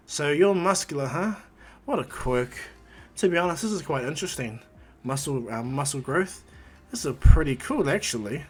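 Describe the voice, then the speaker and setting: A man's voice: mid-range voice, husky. A man casually retelling a fan-made story, rambling with many fillers and restarts.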